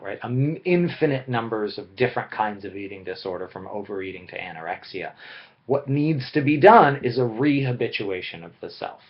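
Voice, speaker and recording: A man of middle pitch delivers a philosophy lecture in a loose, conversational manner. He keeps tossing in quick "right?" checks to his students. The recording is slightly dull and lo-fi. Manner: conversational, frequent "right?" tag questions.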